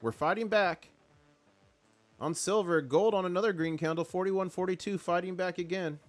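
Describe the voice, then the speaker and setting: Excitable man hosting a live stream. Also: high-pitched, moderate pace. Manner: excitable, rallying chat, reads comments aloud. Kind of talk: casual live-stream market commentary.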